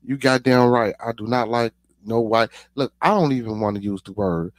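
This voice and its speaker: A man's voice: mid-range voice, moderate pace, no room sound. A man hosting a podcast, talking earnestly and emphatically, repeating words as he builds his point. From Chicago. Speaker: podcast host. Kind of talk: casual podcast talk.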